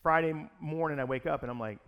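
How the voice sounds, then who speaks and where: Animated man telling a sermon story. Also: on the high side, fast talker, smooth, muffled recording.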